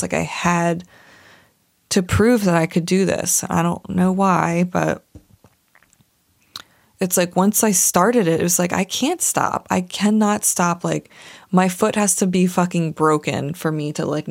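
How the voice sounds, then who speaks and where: A woman talks through a personal story on her podcast, candid and heartfelt, sprinkling "like" through her sentences. Her voice sits a little low and has a gravelly, fry-tinged texture. She speaks close to the mic. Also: fairly even intonation, unhurried. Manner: candid, emotional, frequent "like" fillers. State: tearful. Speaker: podcast host.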